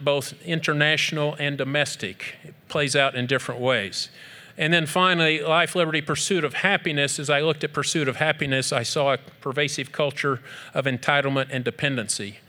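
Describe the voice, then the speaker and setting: A man's voice: fairly high pitch, bright, forceful tone. A middle-aged man giving an earnest, emphatic speech to an audience, with rhetorical repetition and frequent fillers. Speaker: speaker honoring a group at an event.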